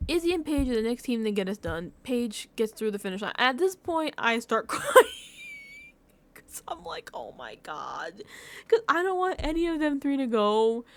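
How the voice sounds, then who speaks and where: A woman vlogger talks through a reality show recap in a casual, emotional way, with lots of "like" and laughter between phrases. Her voice sits a little high and swings widely in pitch. She sounds gushing and heartfelt throughout. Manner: effusive, emotional, filler-heavy with frequent "like".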